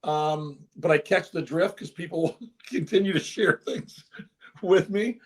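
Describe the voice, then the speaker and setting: An older man, a former baseball manager, telling an emotional story in an interview with earnest, animated delivery. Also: fairly high pitch, a little slow. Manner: earnest, animated, with frequent restarts.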